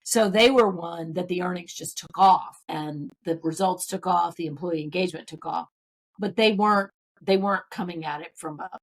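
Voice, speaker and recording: A woman's voice: lowish voice, moderate pace. A middle-aged woman, an author and consultant, telling stories in a casual podcast interview and acting out what people said. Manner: lively storyteller who acts out what people said. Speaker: guest, author and sales consultant.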